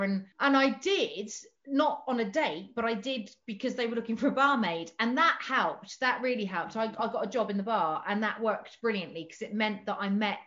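Chatty woman telling lively stories. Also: mid-range voice, a little fast, few pauses. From southern England. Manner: chatty, animated storytelling with laughs. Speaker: guest. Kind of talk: casual chat. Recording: slightly dull lo-fi podcast audio.

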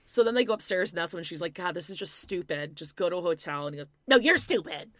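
A woman co-hosts a casual podcast, her voice sitting low and recorded dry and close. She recaps with blunt, sweary commentary and quick acted-out quotes. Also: dry recording. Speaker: podcast co-host. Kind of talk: casual chat recapping a reality show.

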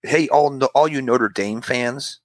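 A man chatting casually, telling animated stories and acting out the people he quotes. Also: medium pitch, takes it slowly, no echo. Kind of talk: casual chat.

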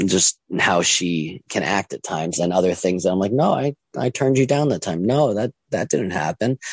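A young man telling his own story casually, halting with many ums and restarts and acting out what others said. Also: deep voice, no echo. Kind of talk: casual first-person storytelling.

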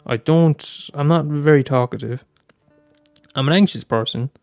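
A man's voice: a little high, unhurried, darkish tone, no room sound, clean studio sound, soft background music. A young Irish man hosting a casual solo podcast, talking candidly with frequent swearing and stammered restarts. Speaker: podcast host.

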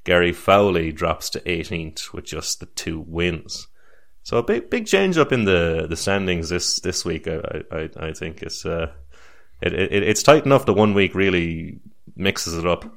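A man's voice: deep voice, lively intonation, unhurried. A young man hosting a casual podcast chat, teasing and swearing, often restarting his sentences. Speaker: podcast host.

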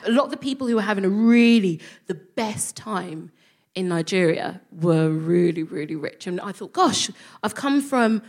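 A woman's voice: on the low side, moderate pace. A woman from London with a London accent, performing a stand-up comedy set and telling a story with lots of acted-out voices. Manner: animated storytelling, acts out quoted voices. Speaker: comedian co-host. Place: live theatre with audience.

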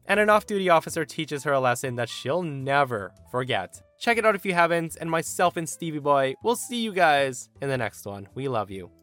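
A man narrating entitled-people stories as host, in an animated, expressive manner. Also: a little high. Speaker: story narrator and podcast host. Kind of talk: storytelling narration of reddit posts.

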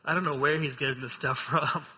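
A man's voice: on the high side, fairly even intonation, brisk, sharp tone, husky. A man preaching a sermon, reading scripture aloud and then expounding on it, acting out the quotes with growing intensity. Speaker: pastor. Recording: long reverb of a hall.

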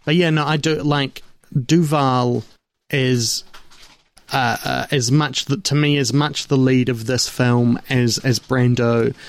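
A man talking casually about a film as a podcast co-host, rambling and halting with many fillers and restarts. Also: mid-range voice, steady tone.

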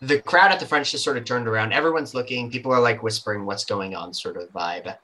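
A man running a tabletop role-playing game, narrating the scene in a loose, rambling style full of asides. His voice is bright and forward. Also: mid-range voice, fast, rough recording. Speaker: game master.

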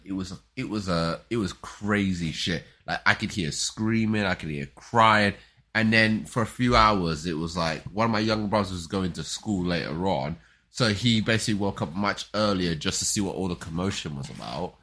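Male co-host, low voice, lively pitch, bright tone; rambling, stammering storyteller. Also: moderate pace. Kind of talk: casual chat.

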